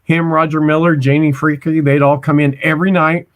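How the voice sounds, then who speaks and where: A man's voice: on the high side, little pitch movement, fairly quick. Rambling man in his forties. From Missouri. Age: 40s. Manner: rambling with restarts and stammers. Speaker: guest. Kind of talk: casual storytelling.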